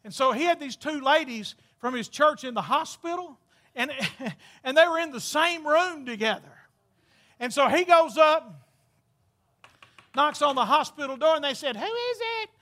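A man's voice: very high voice, moderate pace, pushed and bright. A man preaching a folksy, exclamatory storytelling sermon, laughing at his own jokes.

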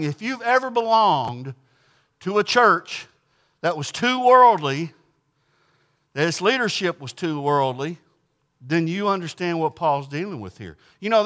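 A man's voice: high-pitched, fairly bright tone. A man preaching a conversational sermon, reading scripture aloud and explaining it in a folksy, emphatic way, often restarting his sentences. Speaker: pastor.

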